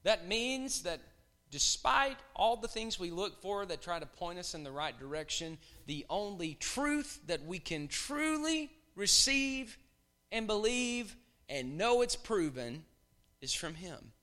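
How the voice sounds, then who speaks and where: Man preacher, sermon, high bright voice, hushed to shouting. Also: very animated, slow. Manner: swings from hushed to shouting bursts. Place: church.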